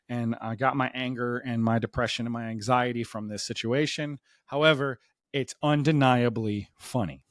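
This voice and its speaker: A man's voice: medium pitch, no echo. Dry-voiced man telling a comic story. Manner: animated, acts out the voices of the people in his story. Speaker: stand-up comedian. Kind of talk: comedic storytelling.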